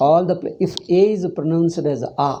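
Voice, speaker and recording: A man's voice: fairly high pitch, a little fast, dark tone, muffled recording. An older man with an Indian English accent, teaching and patiently explaining pronunciation, repeating words to model them. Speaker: Sanskrit teacher. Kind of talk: informal class discussion.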